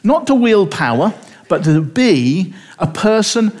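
A man teaching from the Bible in an unscripted, animated way, asking rhetorical questions and chuckling at the stories. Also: sits high, takes it slowly.

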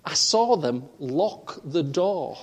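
A man from the north of England preaching a sermon and telling a personal story, his voice swinging from loud, high emphasis down to quiet asides. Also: slow pace. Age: 30s. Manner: animated storytelling, voice rising and dropping for emphasis. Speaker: pastor.

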